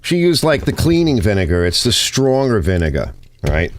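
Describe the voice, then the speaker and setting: Animated, blunt man talking shop. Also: fairly low pitch, moderate pace, a little hiss or hum. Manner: blunt, animated, swears casually. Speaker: garage channel host. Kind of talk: casual hands-on shop talk. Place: home garage workbench. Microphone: close mic he sometimes bumps.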